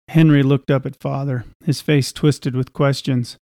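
A man reading a scripted story aloud in a measured, even way. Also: mid-range voice, vocal fry, no echo, studio quality.

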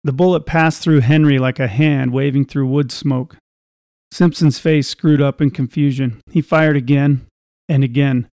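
A man reading a scripted story aloud in a measured, even way. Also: medium pitch, no echo, clean studio sound.

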